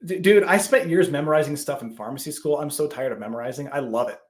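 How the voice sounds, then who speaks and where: Speaking fast in a higher-pitched voice, a man in his thirties appears as a guest on a podcast. The conversation is a casual interview chat, and he brings his stories to life by performing the lines he once said.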